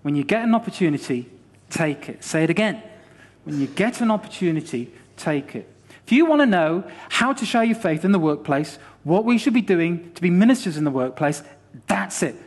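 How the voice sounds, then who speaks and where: A man preaching a sermon as pastor, animated and repetitive, acting out short dialogues. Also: a little high, normal speed, slightly rough.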